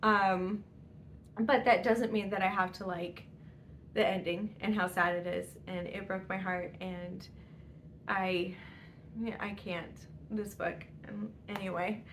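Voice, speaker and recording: A woman's voice: mid-range voice, fairly even intonation, slow, fairly bright tone, a little hiss or hum. Chatty woman book vlogger. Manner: chatty, rambling, laughs often. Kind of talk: casual book tag chat.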